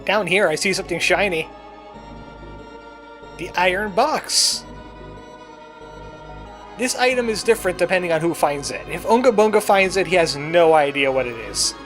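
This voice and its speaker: A man with a high-pitched, somewhat bright voice casually talks through a game as the channel's let's play host. He chats and jokes, puts on a cowboy voice every so often, and faint game music can be heard behind him.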